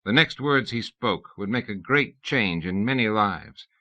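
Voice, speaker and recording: A man reading an audiobook in an expressive scripted narration. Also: on the low side, unhurried. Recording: dull lo-fi audiobook tape from the 1990s.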